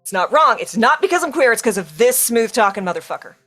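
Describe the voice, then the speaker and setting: A woman chatting casually on a podcast in a playful, quick-to-laugh way. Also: on the high side, expressive, a bit bright, faint music behind. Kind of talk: casual chat.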